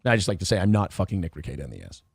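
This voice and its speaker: A man's voice: low voice, sing-song, very fast, vocal fry, breathy edge, dry recording, studio quality. A middle-aged man hosting a live stream, reading paid comments aloud in a wry, teasing, sarcastic way. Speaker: host of a live streamed show.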